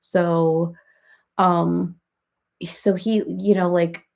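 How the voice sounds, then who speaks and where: A woman's voice: lowish voice, level tone, extremely slow, vocal fry, darkish tone, exaggerated voice. A woman playing a rambling, chatty reality-TV woman in a comedic parody livestream, who baby-talks her cats and answers viewers by name.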